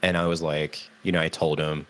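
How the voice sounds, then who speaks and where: A man with a notably deep, low-pitched voice co-hosts a podcast. He tells a story in casual chat, filled with fillers and lively acted-out quotes of what other people said. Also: fairly quick. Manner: animated storytelling, acts out quotes in a raised voice. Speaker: podcast co-host.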